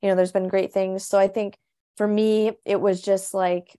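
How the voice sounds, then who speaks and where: A woman's voice: medium pitch, flat delivery, normal speed, warm tone, no echo, clean studio sound. A young woman co-hosting a faith podcast, talking earnestly and casually with lots of fillers. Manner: earnest, chatty, lots of "you know" and "honestly". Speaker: podcast co-host, coach.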